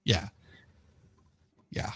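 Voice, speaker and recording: A man's voice: extremely slow, a bit bright, no room sound, clean studio sound. A man chatting casually on a live stream, rambling and restarting as he searches for names. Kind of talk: casual chat.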